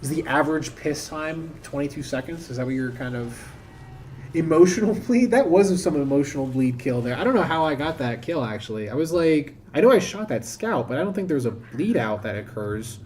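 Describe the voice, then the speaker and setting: A man's voice: on the high side, expressive, fairly quick, a little mellow, a little hiss or hum. A man streaming a game, chatting casually and thinking aloud in a rambling, self-interrupting way. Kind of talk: casual live-stream commentary.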